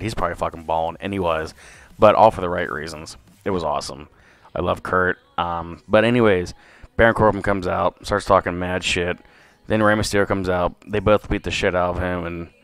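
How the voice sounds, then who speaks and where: A man's voice: lowish voice, no echo. A young man hosting a wrestling podcast, rambling through a casual review with lots of swearing and fillers. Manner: rambling, profane, excitable. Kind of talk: casual solo review commentary.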